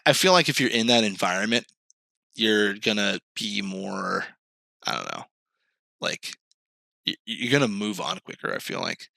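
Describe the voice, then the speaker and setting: A young man hosting a podcast in casual chat, telling animated stories, swearing freely and acting out quoted voices in a higher pitch. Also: gravelly, no echo. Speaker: podcast host.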